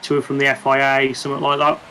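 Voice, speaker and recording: A man co-hosting a casual podcast, measured, reasoning his points through aloud. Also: medium pitch, monotone, pushed and bright, slight background noise, poor audio. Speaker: podcast co-host. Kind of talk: casual chat.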